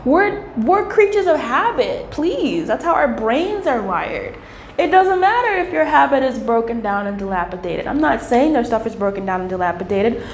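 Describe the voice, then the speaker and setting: A woman giving a casual tarot reading, playful and animated, who swears freely and acts out little voices. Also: fairly high pitch, moderate pace. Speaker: tarot reader. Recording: echoey room with faint hiss.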